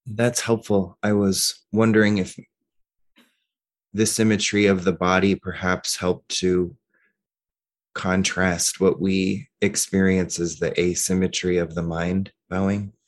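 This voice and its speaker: A man's voice: low-pitched, level tone, slow pace. A man asking his meditation teacher a careful, slightly hesitant question.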